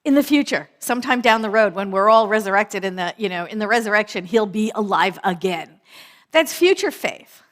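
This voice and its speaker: A woman minister giving a conversational sermon, repeating phrases for emphasis, slowing on key words and often asking "right?". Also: medium pitch, animated, a bit bright.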